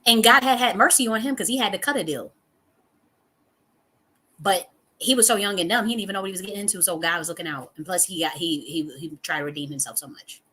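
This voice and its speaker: A woman's voice: lowish voice, fast talker, sharp tone, breathy edge. A woman, giving a heated, profane monologue full of repetition and sudden outbursts. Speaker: spiritual teacher and channel host. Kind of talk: impassioned monologue.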